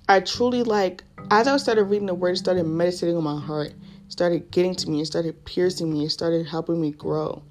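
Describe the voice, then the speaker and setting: A young woman telling her personal faith story on a podcast in casual, excitable speech full of fillers. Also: on the low side, moderate pace, faint music behind. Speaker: podcast host.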